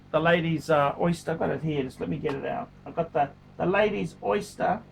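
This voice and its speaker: A man's voice: high-pitched, creaky, a bit bright. A middle-aged man, talking casually to camera in a blunt, profane way and often repeating himself. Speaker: watch collector vlogger.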